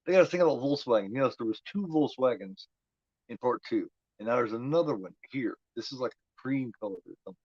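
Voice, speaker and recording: A man's voice: mid-range voice, lively intonation, quick pace, a little mellow, breathy edge, no echo, highs cut off. A man giving casual, profane commentary while watching a movie, talking back at the screen.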